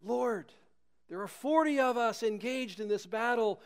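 Fervent soldiers' prayer, read by a preacher, high and smooth. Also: male voice, measured pace. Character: group of devout Christian soldiers praying.

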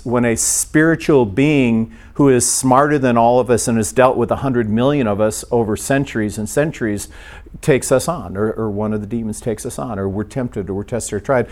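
A man's voice: medium pitch, a little mellow. A middle-aged man preaching a sermon in a conversational, storytelling manner, often restarting his sentences. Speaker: pastor.

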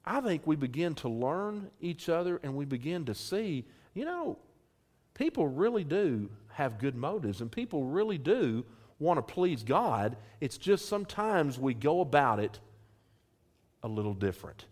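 A man speaks earnestly to a church gathering, introducing a video before a panel. His voice sits a little high for a man, and he stumbles over his words now and then. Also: very animated, measured pace, darkish tone. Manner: earnest, with small restarts. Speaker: church program host. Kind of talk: addressing a congregation.

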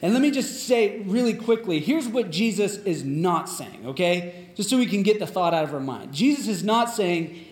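A man's voice: sits high, sing-song, moderate pace, few pauses, a little hiss or hum. A man preaching a sermon in a casual, conversational way, retelling a story with plenty of fillers. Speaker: pastor. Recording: echoey room.

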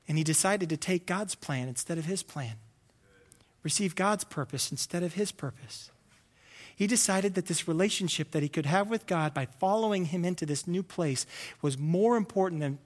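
A man preaching a sermon as a pastor, animated and acting out comic voices, a father of several kids. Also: a little high, in a large hall. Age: adult with children. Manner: animated, acts out voices with loud comic bursts.

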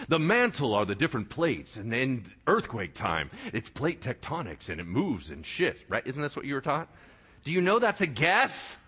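A man preaching a sermon in a lively, joking way, often asking the congregation whether they follow him. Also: mid-range voice, moderate pace, husky. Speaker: pastor.

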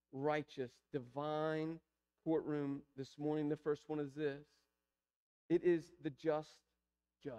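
A man with a high-pitched voice preaching a sermon in a church sanctuary. He pleads softly at times and builds to emphatic, repeated phrases. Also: smooth, muffled recording. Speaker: pastor.

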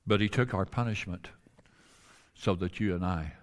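A man preaching a sermon, telling a story with dramatic swings between loud and hushed delivery. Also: low-pitched, normal speed.

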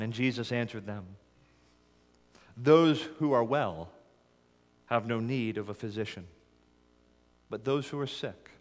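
A man preaching a sermon as a pastor, earnest and steady, often dropping to a hush on key lines. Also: medium pitch. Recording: reverberant hall.

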